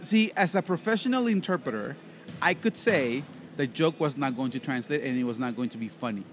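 A man's voice: mid-range voice, expressive, a little fast, slight background noise. A man co-hosting a casual podcast chat, a professional interpreter who tells rambling stories and jokes around. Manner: rambling, joking storyteller. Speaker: podcast co-host.

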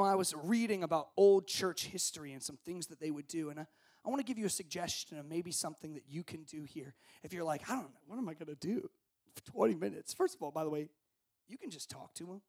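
A man preaching to students at a camp, speaking into a handheld microphone, swinging from shouted passion to hushed, gentle prayer. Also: on the high side, fairly quick. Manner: impassioned, shouting at peaks, then soft and hushed. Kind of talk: sermon to students.

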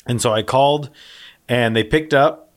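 Man telling a comic phone story. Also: moderate pace. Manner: storytelling, acts out phone calls in a squeaky voice. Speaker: podcast co-host. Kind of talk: casual comedic chat.

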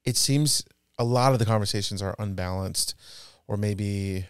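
A man's voice: fairly low pitch, moderate pace, clear, resonant tone, dry recording, clean studio sound. A man co-hosting a podcast, talking in a laid-back, reflective way. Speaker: podcast co-host. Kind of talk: casual chat.

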